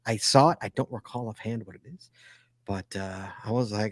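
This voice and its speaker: A man's voice: medium pitch, big pitch swings, moderate pace, dry recording. A man co-hosting a casual podcast, chatty and teasing as he reads listener emails aloud. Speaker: podcast co-host.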